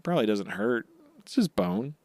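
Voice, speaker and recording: A man's voice: mid-range voice, sing-song, moderate pace, vocal fry, darkish tone, no room sound. A man co-hosting a podcast, recapping episodes in casual chat and jokingly acting out characters' lines. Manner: jokey, acts out characters' lines mid-recap. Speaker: podcast co-host.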